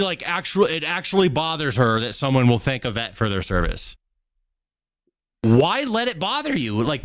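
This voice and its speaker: A man's voice: a little high, a bit bright, dry recording, clean studio sound. A man hosting political reaction commentary, talking bluntly and mockingly and swearing freely as he reacts to clips. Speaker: commentary host.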